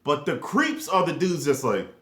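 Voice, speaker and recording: A young adult man vlogging in a casual, profane rant, swinging between loud emphasis and low mumbled asides. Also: wildly swooping pitch, moderate pace. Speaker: YouTube vlogger. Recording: echoey room.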